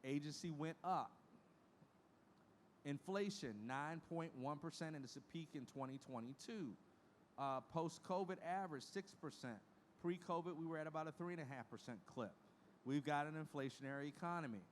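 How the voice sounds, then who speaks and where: A man's voice: on the high side, normal speed, a little hiss or hum. Frank, folksy man giving a keynote. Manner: frank, folksy, emotional storytelling. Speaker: association leader giving a presentation. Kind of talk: conference keynote speech. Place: conference stage.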